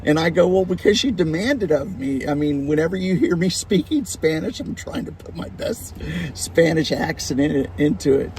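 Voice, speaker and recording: A man's voice: fairly high pitch, animated, moderate pace, darkish tone, a little hiss or hum. A man hosting a casual livestream chat, rambling, restarting his sentences and laughing often. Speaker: livestream host.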